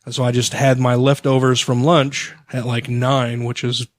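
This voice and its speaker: A man's voice: mid-range voice, level tone, moderate pace, dry recording. A man co-hosting a podcast, telling a long story in casual, profane chat. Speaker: podcast co-host.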